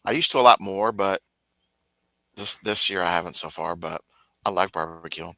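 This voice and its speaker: A man's voice: low voice, normal speed, dry recording. A man in casual chat on a live stream, telling stories and mimicking others. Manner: animated storytelling, mimics others in raised voice.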